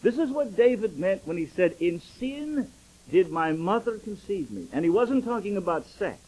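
A man's voice: high-pitched, big pitch swings, normal speed, darkish tone, breathy edge, low-quality recording. An older man, a pastor, preaching a sermon and acting out dialogue as he tells stories.

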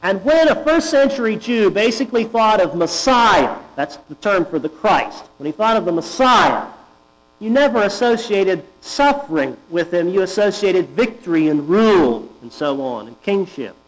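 This sermon comes from a man with a high voice who preaches in a sing-song, deliberate, emphatic manner, posing one rhetorical question after another. A mains hum sits under the dull, lo-fi recording.

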